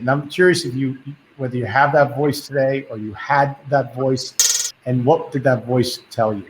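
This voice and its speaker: A man's voice: mid-range voice, fairly even intonation, normal speed, a little hiss or hum, poor audio. Casual man hosting an interview. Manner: casual, probing questions with filler words. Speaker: interview host. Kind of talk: conversational interview.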